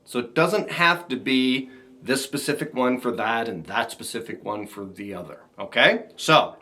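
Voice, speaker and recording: A man teaching a ukulele strumming lesson, talking to viewers in a relaxed, encouraging way. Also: medium pitch, moderate pace, slight background noise. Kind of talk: casual instructional talk. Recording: ukulele playing behind voice.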